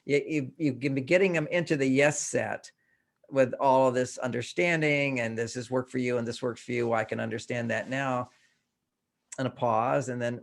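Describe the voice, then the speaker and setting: An older man, a guest author, talking in a relaxed interview and acting out bits of dialogue as he tells stories. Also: medium pitch, normal speed, gravelly. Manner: animated storytelling, acts out quoted dialogue, laughs often. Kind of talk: conversational interview.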